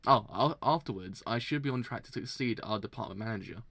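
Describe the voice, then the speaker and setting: A man reading a manga aloud for a live reaction, often tripping over words and restarting, excitable and quick to laugh. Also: medium pitch, vocal fry, no room sound.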